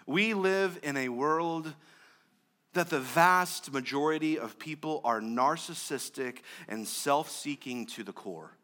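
A young male pastor preaching a sermon, conversational with joking asides, swinging from loud emphasis to quiet, low lines. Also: takes it slowly.

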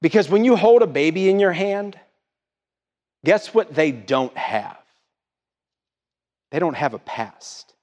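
A middle-aged pastor takes his time, leaving long pauses, his slightly high and a little mellow voice full of lively intonation and carrying a long reverb tail in the church sanctuary. He preaches emphatically, questioning the congregation in a call-and-response style that rises and falls.

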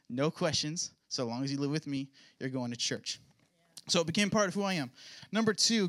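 A man's voice: fairly high pitch, bright, forceful tone. A young man, a pastor's son, sharing a personal testimony in a casual sermon style, with joking, self-mocking asides. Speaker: pastor's son giving a church talk.

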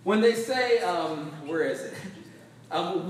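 Animated male pastor, high voice, big echoing church, mic some way off. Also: unhurried, recorded from a distance, a little hiss or hum. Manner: animated, acts out biblical voices, laughs often. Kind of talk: sermon. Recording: very echoey hall, voice from off mic.

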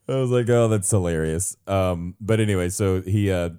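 A man's voice: low-pitched, normal speed, dark tone, smooth. A young man co-hosting a podcast, telling a long funny story in casual chat, laughing often and mimicking other people's voices. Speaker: podcast co-host.

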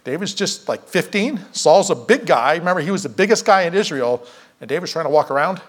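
A man's voice: a little high, brisk, slightly rough. A man preaching a casual Bible story sermon, acting out the characters' lines as he tells it. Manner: animated, acts out characters' lines.

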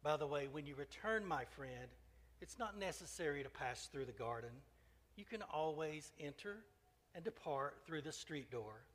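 A merciful elderly bishop speaking with quiet solemnity, as read by a man. The voice sits slightly high. It carries a long hall reverb. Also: moderate pace. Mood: gently solemn. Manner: calm, kindly, solemn.

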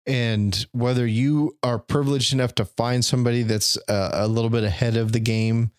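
A man's voice: medium pitch, steady tone, moderate pace, darkish tone, no room sound, clean studio sound. A middle-aged man as a podcast guest, talking in a reflective, thorough and self-deprecating way. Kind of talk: casual conversational interview.

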